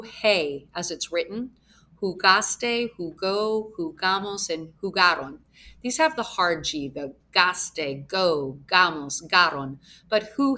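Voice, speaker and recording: A woman's voice: medium pitch, pushed and bright. A young woman teaching a recorded lesson, explaining step by step and spelling out letters as she writes. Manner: mutters asides while writing. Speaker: Spanish teacher. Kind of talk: recorded lesson with screen writing.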